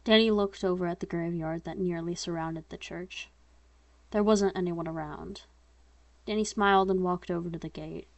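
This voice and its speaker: A woman's voice: on the low side, fairly even intonation, normal speed, dry recording. A young woman reading her own story aloud in an unedited, casual way, voicing narration and dialogue in her own voice and breaking off to comment on her slips.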